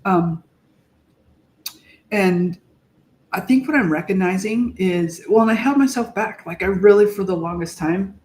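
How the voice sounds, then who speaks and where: A woman co-hosting a podcast, talking in a casual, heartfelt way, reflective and halting as she searches for words. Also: medium pitch, a little mellow, slight background noise. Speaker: podcast co-host. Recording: echoey room.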